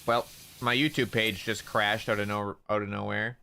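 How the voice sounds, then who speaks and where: A man's voice: lowish voice, fairly even intonation, normal speed, vocal fry, pushed and bright. A man chatting casually on a gaming stream, rambling through funny stories with lots of laughing and swearing. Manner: rambling, laughing storyteller who swears a lot.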